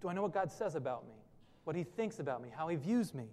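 Male pastor, sermon delivery, earnest and questioning, a touch high-pitched, reverberant sanctuary sound. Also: very animated, fast talker, mellow. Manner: earnest preaching with many rhetorical questions.

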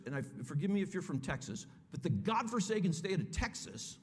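A man's voice: high voice, big pitch swings, a little fast, few pauses, a little mellow. A middle-aged man preaching, telling a personal story in a conversational way and calling his listeners folks. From California. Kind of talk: sermon storytelling. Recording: echoey hall.

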